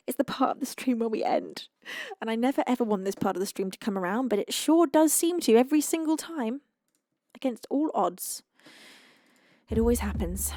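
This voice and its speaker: Signing off a live stream, a young singer-songwriter and streamer from the United Kingdom gushes to her viewers in an English accent. Her voice sits on the high side, bubbly and effusive with soft laughs and sighs, captured as a dry, clean studio recording.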